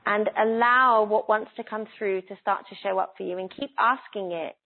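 Woman, spiritual reading, soft, earnest, coaxing, middle pitch, tinny phone-like call audio. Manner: soft, earnest, coaxing, slows down on key phrases. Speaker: spiritual intuitive guide. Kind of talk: live online spiritual reading. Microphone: laptop on a video call.

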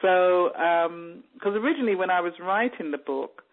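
A woman's voice: on the low side, expressive, normal speed. A woman author, raised in England, tells her story in a radio interview and animatedly mimics the people she overheard. The sound is narrow and tinny, like a phone line. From born in Jamaica, raised in England. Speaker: author guest.

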